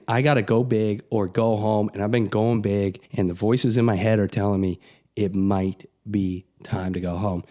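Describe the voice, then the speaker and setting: A man's voice: fairly low pitch, darkish tone. A middle-aged man, a real estate broker, giving a blunt, conversational pep talk to camera. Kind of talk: motivational vlog talk.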